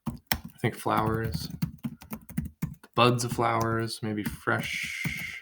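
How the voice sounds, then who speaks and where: Guy teaching a writing lesson from his kitchen, thinking out loud, some typing behind. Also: lowish voice, completely flat delivery, drawn-out words, gravelly, noisy background. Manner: thinking aloud, counting syllables. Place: home kitchen table.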